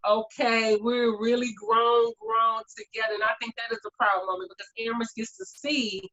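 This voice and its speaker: A woman's voice: fairly high pitch, normal speed, dull audio. A woman in her forties, talking candidly and openly in a casual group chat. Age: 40s. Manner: candid, animated storyteller.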